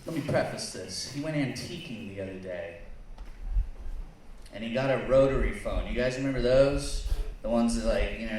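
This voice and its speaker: A man performing a stand-up comedy set in a bar, crude, rambling and self-mocking. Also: medium pitch. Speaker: stand-up comic and co-host. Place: bar lounge stage. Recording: echoey bar room, faint noise, distant mic.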